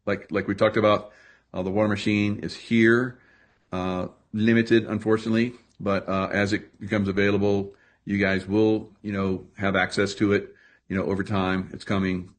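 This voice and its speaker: A man's voice: on the low side, little pitch movement, moderate pace. A man hosting a casual group video call, talking loosely with many fillers and restarts.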